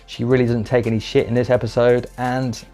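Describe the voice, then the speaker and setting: A man's voice: medium pitch, flat delivery, brisk, mellow, faint music behind. A man giving a chatty, enthusiastic spoken review, swearing casually and briefly acting out lines in put-on voices. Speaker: video reviewer.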